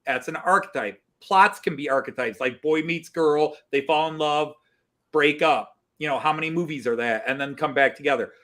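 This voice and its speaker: A man hosting a casual group chat, talking in a rambling, animated way with many restarts. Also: on the high side, moderate pace. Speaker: host.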